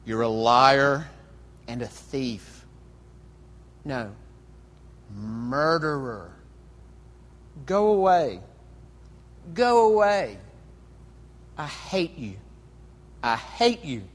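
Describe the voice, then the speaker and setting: A man reading aloud the lines of a sinister, obsessive male creature, slow and halting, as he argues with himself. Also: mid-range voice, animated, a bit bright, big-room sound. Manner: slow, halting reading of a split internal dialogue.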